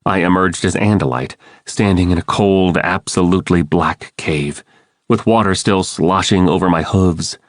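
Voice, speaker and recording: A man's voice: sits low, moderate pace, no room sound. A man giving urgent, dramatic first-person audiobook narration into a close studio mic.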